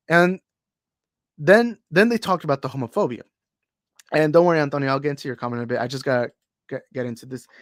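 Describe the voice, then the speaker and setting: A young man talks on a podcast with a mid-pitched voice, rambling and getting heated as he goes. His sentences keep restarting and doubling back. The sound is dry and close. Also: no room sound. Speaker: podcast co-host. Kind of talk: casual chat.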